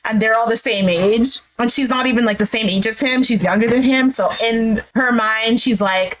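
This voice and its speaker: A woman's voice: fairly high pitch, moderate pace, hardly any pauses, rough recording. A woman casually recapping a reality show, blunt and opinionated, with lots of "like" fillers. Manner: chatty, heavy use of "like" fillers. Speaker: recap vlogger.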